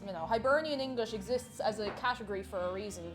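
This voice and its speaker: A woman's voice: mid-range voice, quick pace, over music. A woman with an Irish accent chatting casually with viewers while she cooks on a live stream. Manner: chatty, reads chat aloud and answers viewers.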